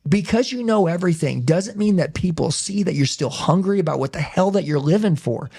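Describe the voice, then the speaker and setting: A man's voice: high-pitched, animated, fairly quick, creaky, warm tone, slightly rough. A middle-aged man telling his life story as a podcast guest, intense and emphatic, swearing casually. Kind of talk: conversational interview storytelling.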